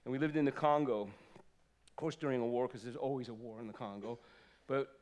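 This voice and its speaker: A man in his fifties preaching a sermon in a church, swinging from loud exclamations to soft asides. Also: medium pitch, a little fast. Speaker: pastor. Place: church sanctuary.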